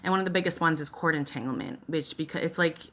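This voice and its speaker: This beauty vlogger and mom speaks quickly in a low voice with a fairly bright tone. She chats casually while doing a makeup tutorial, telling a personal story and rambling with plenty of "like" and "you know."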